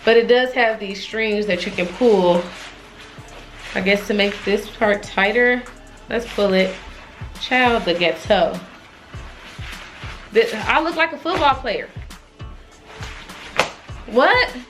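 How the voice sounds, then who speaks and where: A young woman chatting casually, expressive and exclaiming, talking straight to viewers. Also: mid-range voice, slow pace, long pauses, faint music behind, rough recording. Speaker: fashion vlogger. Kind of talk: casual try-on haul chat.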